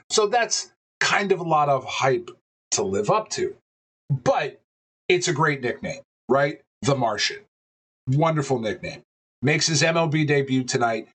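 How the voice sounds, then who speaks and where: A man co-hosting a casual podcast chat. He talks in a loose, rambling way, swears freely and drops plenty of fillers, and his voice jumps up when he gets excited. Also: mid-range voice, slightly rough. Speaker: podcast co-host.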